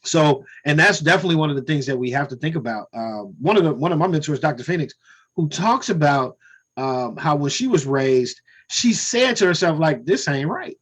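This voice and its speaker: A man's voice: fairly high pitch, expressive, brisk, a bit bright, breathy edge. A man in a casual group conversation, talking reflectively and peppering his speech with "you know" and "man". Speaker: discussion participant.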